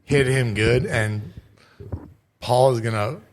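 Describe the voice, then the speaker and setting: A man with a hoarse, rough voice co-hosting a casual podcast in a studio, animated and excitable, swearing freely. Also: medium pitch, takes it slowly, a little hiss or hum. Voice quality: rough, raw voice. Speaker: podcast co-host. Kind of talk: casual chat.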